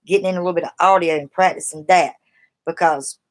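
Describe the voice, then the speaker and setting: A woman's voice: lowish voice, fairly even intonation, fast talker. A woman from the East Coast with a Southern accent, chatting casually and rambling on a live stream as she gives advice to her viewers.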